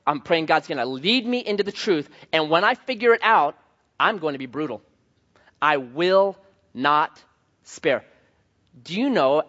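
A man preaching a sermon as pastor, telling stories in an animated way with voiced asides. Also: fairly high pitch, highs cut off.

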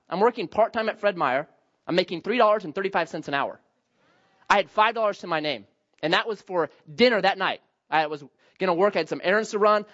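Middle-aged guy preaching, storytelling, jumps up high when he acts stuff out, kinda dull audio. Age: 40s. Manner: animated, acts out his younger self with high excited outbursts. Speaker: pastor. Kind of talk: sermon storytelling.

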